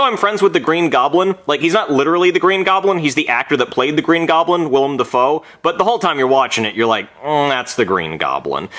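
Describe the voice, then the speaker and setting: A man voicing a small, brash Brooklyn guy with a Brooklyn accent, telling rambling, petty stories in a comedic animated monologue. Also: sits high. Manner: rambling, brash, easily outraged.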